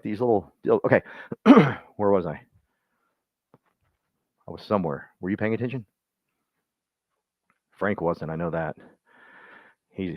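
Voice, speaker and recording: Man, folksy team pep talk, animated, dry and dull lo-fi sound, mid-pitched voice. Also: no room sound. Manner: folksy and animated, speaks straight to listeners by name. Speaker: real estate team speaker.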